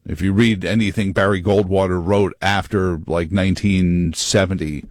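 A man hosts a talk radio show from a studio, dropping wry jokes into a long monologue. His voice sits a little low and comes through dry and close on the mic. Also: fairly even intonation, normal speed, few pauses, dry recording. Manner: wry, joking asides.

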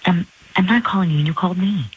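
A young woman on a phone call, talking hesitantly with stammers and pauses. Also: lowish voice. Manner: hesitant, stammering, rising to upset. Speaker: caller. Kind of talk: phone conversation. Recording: muffled phone line with faint hiss.

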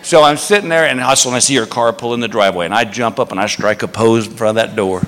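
A man doing stand-up comedy, telling a story and acting out the other people's voices. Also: fast. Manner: animated, acts out voices in high pitch. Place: comedy club stage. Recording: live club recording with crowd and reverb. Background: audience laughter.

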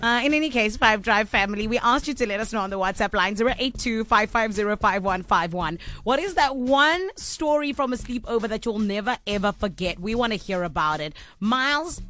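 A woman's voice: on the high side, expressive, fairly quick, hardly any pauses, fairly bright tone. A woman hosting a radio show, bantering playfully and laughing easily. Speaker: radio host. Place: radio studio.

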